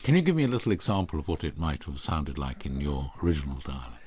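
Very deep, husky male interviewer. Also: fast talker, dry recording, studio quality. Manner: calm, articulate questioning. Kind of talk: radio interview questions and introductions.

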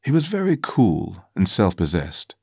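A man giving scripted first-person audiobook narration in a measured, formal storytelling manner. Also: low-pitched, huge pitch swings, gravelly, darkish tone, breathy edge, no room sound, studio quality.

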